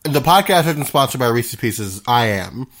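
Goofy, lively podcast co-host man. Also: mid-range voice, normal speed. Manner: goofy, swears freely, riffs on bits. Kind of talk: casual podcast chat.

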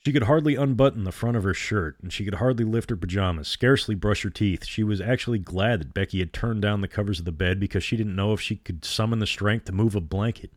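Low-voiced man narrating a spooky story. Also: quick pace, few pauses, no echo, clean studio sound. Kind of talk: scripted narration of a horror story.

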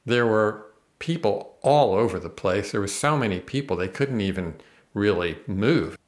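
A man's voice: lowish voice, normal speed. A man teaching the Bible on a podcast, earnest and emphatic, reading verses aloud and explaining them.

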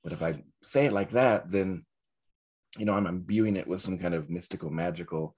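A man giving a dharma talk as a Zen teacher, reflective and searching, with soft laughs. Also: sits low, moderate pace, slightly rough.

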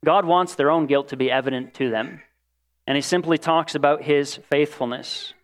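A man delivering a sermon in a fairly high voice. He preaches expressively, rising to emphatic lines and falling to quiet, drawn-out ones. He dramatizes the quoted voices in the text. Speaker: pastor.

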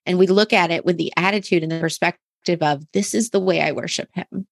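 A woman's voice: lowish voice, fairly even intonation, brisk, gravelly, dry recording. A woman hosting a faith-based business podcast, speaking earnestly and from the heart, often restarting her sentences. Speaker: podcast host.

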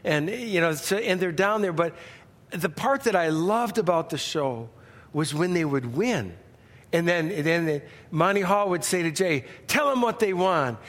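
A man's voice: fairly high pitch, lively intonation, measured pace, in a large hall. A male pastor preaching a sermon in a loose, conversational storytelling way with frequent restarts.

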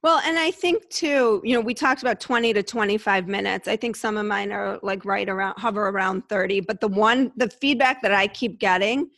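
A woman chatting casually about her podcast, with animated storytelling and lively quoted asides. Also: mid-range voice, a little fast, few pauses, no echo. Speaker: podcast host and guest. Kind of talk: casual conversation.

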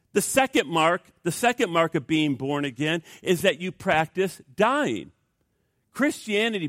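A man's voice: a little high, a bit bright, no echo, clean studio sound. A man preaching a sermon as pastor, emphatic and conversational, with rhetorical questions.

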